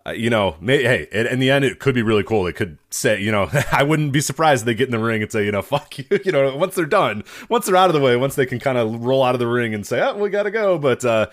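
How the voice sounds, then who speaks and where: A man hosting a podcast, easygoing and halting, often repeating words as he talks. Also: mid-range voice, expressive. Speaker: podcast host. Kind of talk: casual podcast chat.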